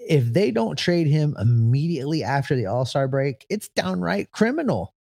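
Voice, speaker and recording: A man's voice: on the high side, sing-song, moderate pace, gravelly, darkish tone, dry recording. A man co-hosting a sports podcast, giving firm opinions with dry sarcasm. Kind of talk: casual sports talk.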